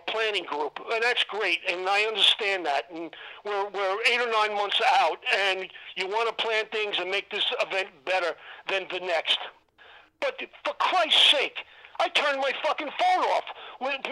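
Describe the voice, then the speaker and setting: A man vents on a podcast in exasperation, swearing freely and tripping over his own restarts. His voice sounds bright and sharp. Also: very high-pitched, low-quality recording. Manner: profane, exasperated, stammering restarts. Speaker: podcast regular. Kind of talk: angry rant.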